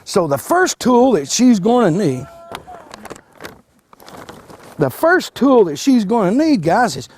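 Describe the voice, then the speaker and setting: A man, a wildlife educator giving a live demonstration to children, folksy and animated, restarting words with plenty of fillers. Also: high voice, normal speed, slight background noise. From Kentucky.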